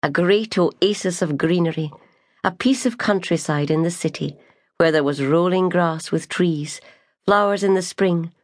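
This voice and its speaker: A woman narrates an audiobook in a measured, gentle way. Her voice is slightly low and sits close and dry on the mic. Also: no room sound. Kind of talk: scripted narration.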